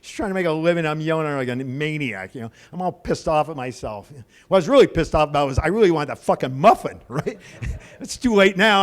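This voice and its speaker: A man performing a stand-up comedy set on a club stage, ranting loudly and with exasperation, swearing freely, into a handheld mic. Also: medium pitch, expressive, normal speed. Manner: loud, exasperated ranting with profanity.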